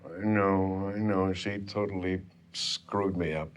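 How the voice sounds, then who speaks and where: A man's voice: low voice, steady tone, slow pace. A man playing a self-pitying, neurotic patient who confides in his doctor in a comedy sketch. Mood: mopey.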